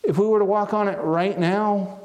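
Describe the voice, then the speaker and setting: A man delivers a sermon in an earnest, reflective manner, pausing and restarting phrases as he works through his point. His voice is mellow and warm, pitched a little high for a man. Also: fairly even intonation, muffled recording. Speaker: preacher.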